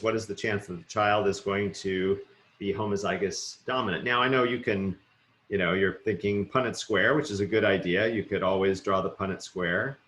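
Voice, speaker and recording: A middle-aged man giving a recorded university lecture, talking quickly and casually with lots of fillers and rhetorical "right?" checks. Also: fairly low pitch, fairly bright tone, reverberant.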